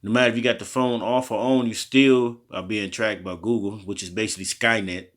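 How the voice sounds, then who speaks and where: This street preacher has a lowish, fairly bright voice with fairly even intonation. Teaching scripture informally, he reads verses in a slangy style, breaks in with asides, and often stumbles over hard words before starting again.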